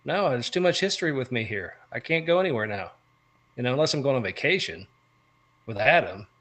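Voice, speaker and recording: A man from the United States co-hosting a casual podcast chat, with a bright, forceful tone. He spins long stories full of ranting asides and keeps his pitch in an ordinary middle range. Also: a little fast. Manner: animated storyteller, ranting asides. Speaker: podcast co-host.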